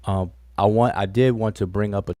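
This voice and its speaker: A man with a deep, mellow voice hosts a laid-back live stream from home. He rambles in a loose, conversational way. The computer mic sounds dry, with no room echo. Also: fairly even intonation, moderate pace. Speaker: livestream host. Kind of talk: casual live-stream chat.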